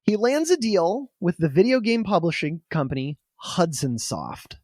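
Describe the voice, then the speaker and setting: A man hosting a casual podcast, telling a story in an animated, swearing, chatty way. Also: high voice, normal speed, dry recording, clean studio sound.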